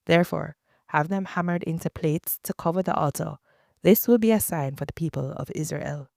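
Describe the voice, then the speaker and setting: A woman's voice: deep voice, moderate pace, gravelly, a little mellow, dry recording, studio quality. Wrathful divine voice, read by a woman. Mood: commanding. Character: commanding divine male voice, wrathful.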